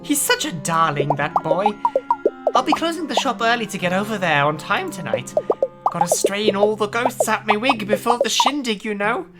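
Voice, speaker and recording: A woman voicing a chatty elderly female antique shop owner in a put-on British accent, folksy and full of pet names, with loud jazz music behind. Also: mid-range voice, very animated, normal speed, lightly acted. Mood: gossipy.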